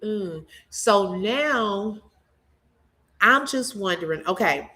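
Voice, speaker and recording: Bright-voiced animated woman commentator. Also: on the low side. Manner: animated and chatty, laughs often, talks straight to viewers. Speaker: channel host reacting to a court case. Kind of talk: casual live commentary, reading viewer comments.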